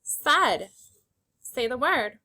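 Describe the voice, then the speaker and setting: Pitched high and swinging widely, her pushed, bright voice carries a phonics lesson for small children. This young woman voices each letter sound slowly and distinctly, then rewards them with cheerful encouragement.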